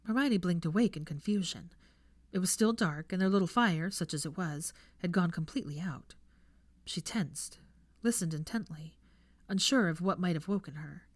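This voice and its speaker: A woman reads a story aloud in a hushed, measured voice. Her voice sits fairly low, and the recording is close and dry. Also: dry recording. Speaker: fan fiction reader. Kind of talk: audiobook narration.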